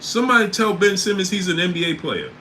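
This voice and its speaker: Male stream host, bright and animated, prone to loud bursts of disbelief. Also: high-pitched, quick pace, slight background noise, low-quality recording. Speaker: sports livestream host. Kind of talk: casual livestream chat.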